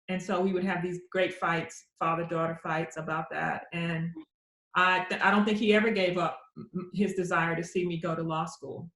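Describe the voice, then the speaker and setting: A woman's voice: fairly low pitch, steady tone, moderate pace, a bit bright. A middle-aged woman poet answering audience questions at a virtual book launch, telling stories and acting out the voices of people she quotes. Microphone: computer mic on a video call. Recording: roomy echo on a video call.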